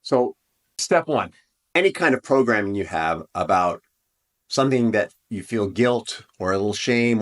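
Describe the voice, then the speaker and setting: Earnest low-voiced man hosting a podcast. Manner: earnest, conversational, with frequent restarts and asides. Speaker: podcast host. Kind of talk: relationship advice podcast monologue.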